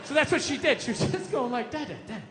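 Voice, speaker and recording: A man with a very high voice rants through a profane stand-up routine, worked up and exasperated. He plays to a large open-air venue, and the sound rings with a long, echoing reverb. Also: animated, quick pace, fairly bright tone, slight background noise. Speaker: stand-up comedian. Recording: echoey live venue sound.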